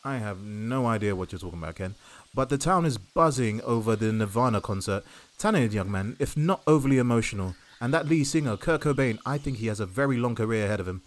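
A man's voice: mid-range voice, animated, fast talker, lightly acted. Field: man doing a cheery retro TV reporter. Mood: chirpy. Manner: jaunty 1950s radio-presenter delivery, loud and bouncy. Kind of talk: comedy news sketch.

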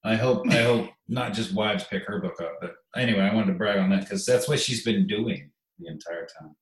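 A man's voice: fairly low pitch, brisk, echoey room, low-quality recording. A man speaking as a guest in an interview, plainspoken and openly emotional, often repeating himself. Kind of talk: conversational interview.

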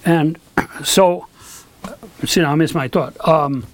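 A man's voice: a little high, slow. An older man telling stories as an interview guest, rambling with asides and acting out the voices of people he quotes. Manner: animated, acts out quoted dialogue. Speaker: guest, recording engineer. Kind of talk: storytelling in an interview.

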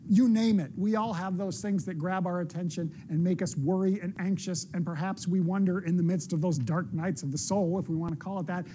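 A man's voice: high voice, normal speed, dark tone, slight background noise. A male pastor preaching a sermon in a conversational, explanatory way.

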